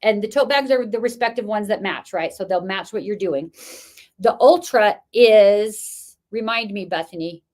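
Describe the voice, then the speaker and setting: A woman's voice: medium pitch, normal speed, a little mellow. A woman hosting a live product sale stream, chatty and enthusiastic, and losing her voice. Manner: chatty, enthusiastic sales talk with fillers. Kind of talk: product demo livestream.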